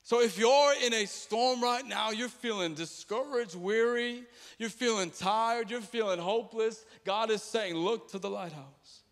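A pastor preaching with passion, swinging between ringing declarations and hushed, intimate asides, through a stage microphone in a large church auditorium. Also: male voice, high voice, measured pace, hardly any pauses. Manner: impassioned, repetitive preaching with dramatic drops to quiet. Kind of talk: sermon. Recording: reverberant church hall.

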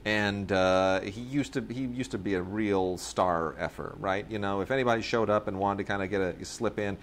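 A man's voice: lowish voice, normal speed, slight background noise. A man co-hosting a podcast, chatting casually about video releases in a rambling way, with lots of fillers and restarts. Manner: rambling storyteller, many fillers, mimics people in quoted bits. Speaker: podcast co-host. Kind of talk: casual chat reviewing home video releases.

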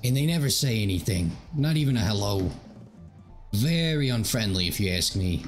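A man's voice: fairly low pitch, lively intonation, normal speed, soft background music, natural voice. Give me a man voicing a gossipy, disapproving neighbor woman in a horror game. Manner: chatty, disapproving.

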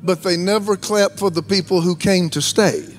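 A man in his fifties with a Southern American accent, a guest pastor preaching a sermon in a folksy, joking way that rises to shouted fervor. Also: high voice, moderate pace, soft background music. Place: large church sanctuary.

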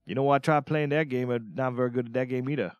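A man's voice: mid-range voice, fast talker, no room sound, highs cut off. A man streaming a game, chatting in a drawling, folksy way and often exclaiming "Oh, Lord.". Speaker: streamer playing as a Louisiana bayou character. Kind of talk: casual gaming stream banter with put-on Cajun drawl.

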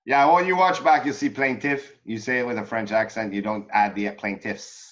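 A man with a lowish voice coaches an acting student in a relaxed, chatty way. He often restarts his sentences, and the audio sounds dull and lo-fi. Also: moderate pace. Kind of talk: coaching session.

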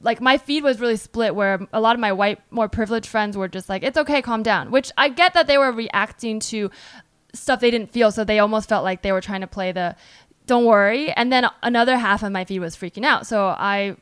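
A young adult woman hosts a podcast in a clear, resonant mid-range voice that is brisk and a bit bright, with no echo. She chats casually and acts out quoted back-and-forths while telling a story.

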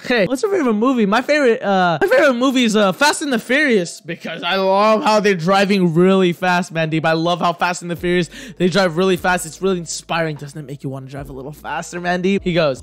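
A young man telling a storytime vlog anecdote, swinging from low mutters to excited shouts. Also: fairly quick, few pauses, no echo, soft background music. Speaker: vlogger.

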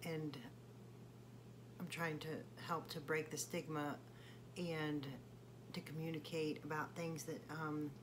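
A woman singer-songwriter talking in a personal video confession, hesitant and halting with many fillers. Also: deep voice, little pitch movement, background noise.

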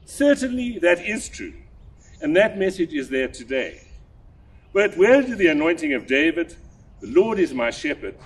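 A husky older man preaching a sermon, his voice rising and falling in wide, lively swings. He speaks in a measured, deliberate way, pressing hard on key words. His voice sits a little higher than most men's. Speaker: priest.

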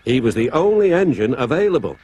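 A man doing a brisk, stern railway boss. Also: mid-range voice, sing-song, noisy background, close to an everyday voice. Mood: firm. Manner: brisk and commanding. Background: music.

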